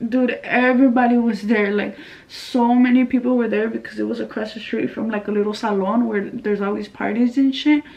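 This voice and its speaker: A woman's voice: fairly high pitch, darkish tone, recorded from a distance, lo-fi sound. A young woman from California telling a casual storytime, slangy and chatty, dropping Spanish phrases into her talk. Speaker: vlogger.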